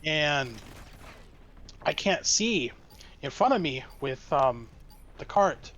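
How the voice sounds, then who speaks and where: Halting man telling a story. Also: on the high side, animated, a bit bright. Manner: halting, many fillers and restarts. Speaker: streamer guest. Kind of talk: casual storytelling.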